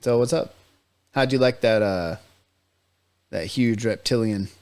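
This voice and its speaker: A man's voice: mid-range voice, measured pace, a little mellow, smooth. Laid-back man reading notes on a podcast. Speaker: podcast co-host. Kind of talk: casual chat and reading notes.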